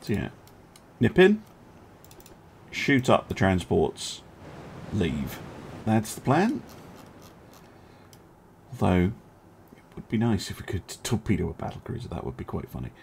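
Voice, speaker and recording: Slow, gravelly man commenting on gameplay. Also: lowish voice, huge pitch swings, a little hiss or hum. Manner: musing, self-deprecating, chuckles often. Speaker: gaming video host.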